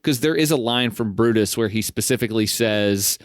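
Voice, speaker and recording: A man's voice: fairly low pitch, normal speed, dry recording, studio quality. A man co-hosting a podcast, laughing often during casual recap chat. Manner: laughs often while talking. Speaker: podcast co-host.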